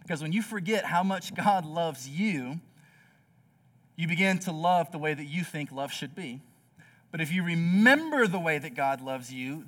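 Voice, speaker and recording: Young male pastor, earnest sermon, chatty fillers, slightly raised pitch, distant mic. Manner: earnest storytelling with many "like" fillers. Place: church.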